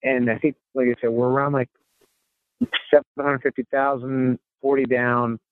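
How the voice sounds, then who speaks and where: A man's voice: mid-range voice, little pitch movement, normal speed, clean tone, no echo. Male guest, chatty storyteller, quotes back-and-forth dialogue, narrow phone-like sound, dry. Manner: recounts dialogue in quoted snippets, frequent restarts. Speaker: podcast guest, real estate investor. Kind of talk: conversational storytelling.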